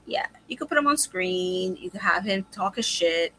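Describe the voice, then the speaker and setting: A woman co-hosting a casual wrestling chat show, animated and emphatic, quick to agree. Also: medium pitch, slightly rough, low-quality recording. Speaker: podcast co-host.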